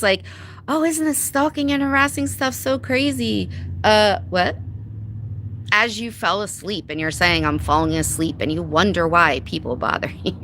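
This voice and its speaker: A woman's voice: mid-range voice, bright, forceful tone, slight background noise. A woman hosting a casual live stream, chatting sarcastically, laughing often and greeting viewers by name. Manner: sarcastic, says dude and y'all. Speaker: livestream host.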